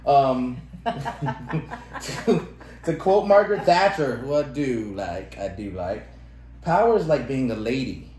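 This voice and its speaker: A man co-hosting a casual podcast at an ordinary pitch. He laughs often and turns animated when he reads phrases aloud. The room echoes, with a faint hiss behind him. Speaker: podcast co-host. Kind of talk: casual chat.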